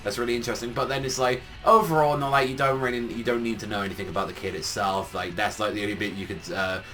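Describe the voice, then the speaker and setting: A man's voice: fairly low pitch, fairly even intonation, quick pace, fairly bright tone, faint music behind. A young man giving a casual spoken review, rambling and swearing while he mocks the voices of the characters. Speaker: anime reviewer.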